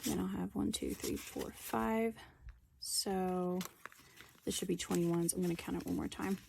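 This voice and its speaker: A woman's voice: on the low side, fairly even intonation, unhurried, gravelly, darkish tone, slight background noise. A young woman chatting casually on her budgeting vlog while sitting on the floor at home, self-deprecating and counting bills aloud. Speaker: budgeting vlogger.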